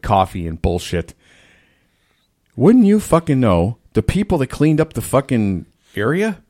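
A man venting about his fast-food restaurant job in casual chat, swearing constantly and ranting with animation. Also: fairly high pitch.

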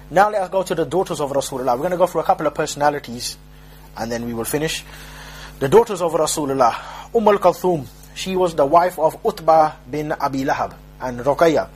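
A man's voice: fairly high pitch, slightly rough, low-quality recording. A man preaching a sermon in an emphatic, street-style way, often restarting his sentences.

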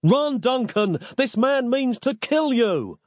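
A man's voice: very high voice, sing-song, slow pace, no echo, voice pushed up, heavily acted. A frantic, protective man calls out urgent warnings in a raised, pleading voice. A man voices him while narrating a fantasy story. The sound is dry and close. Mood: desperate.

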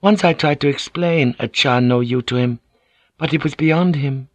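A male reader voicing a poised, courteous samurai noblewoman who speaks softly and formally. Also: mid-range voice, moderate pace, no room sound, voice pushed up, natural voice. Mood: polite. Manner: soft, formal and deferential.

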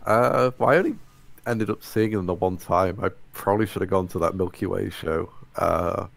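A very deep, gravelly male voice. He talks in a laid-back, casual way, often pausing on fillers as he finds his words. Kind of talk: casual podcast chat.

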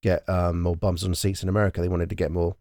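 A British podcast co-host with a low, warm voice talks fast with little pitch movement, in a dry, clean studio recording. He chats casually about a film in bursts, with many restarts and the odd swear word.

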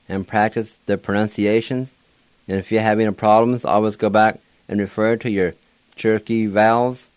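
A man, hosting a radio language lesson, spelling words slowly letter by letter and repeating each one. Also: lowish voice. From Oklahoma, United States. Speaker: radio host and language teacher.

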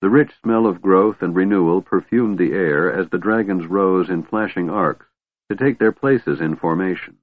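A man narrating a fantasy audiobook in a steady, measured storytelling manner. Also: deep voice. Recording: tinny phone-like dry sound.

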